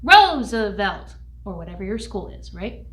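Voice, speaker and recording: Upbeat woman teaching music to kids, echoey room. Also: far from the mic. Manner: upbeat, speaks slowly and clearly to young kids; shouts chant calls in a high voice. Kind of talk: online music lesson for children.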